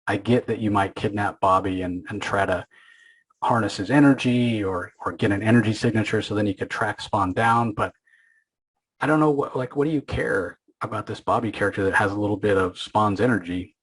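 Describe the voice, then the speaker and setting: Low husky man casually recapping comics. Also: brisk, rough recording. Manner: loose, rambling retelling with frequent fillers and restarts. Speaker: podcast host.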